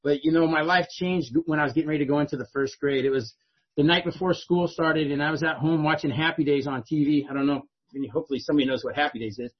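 Fast-talking husky man telling a story. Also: on the high side, lo-fi sound. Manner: conversational, often tags lines with "right?". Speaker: speaker telling his life story. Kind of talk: personal storytelling speech to an audience.

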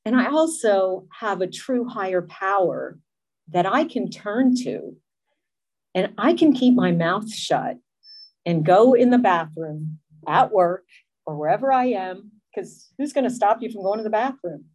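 Middle-aged woman telling her recovery story, heartfelt and halting, mid pitch. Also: expressive, darkish tone. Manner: earnest, emotional, halting storytelling. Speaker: recovery meeting speaker. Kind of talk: personal recovery testimony.

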